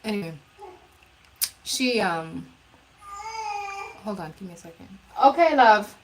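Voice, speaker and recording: A woman's voice: medium pitch, animated, normal speed, long pauses, noisy background. A woman telling a storytime in a casual, blunt and profane way, rambling with restarts. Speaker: live streamer.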